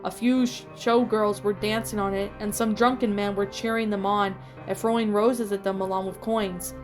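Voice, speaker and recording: A woman reading a fan fiction story aloud in a steady storytelling voice with small slips. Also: medium pitch, moderate pace. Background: faint music.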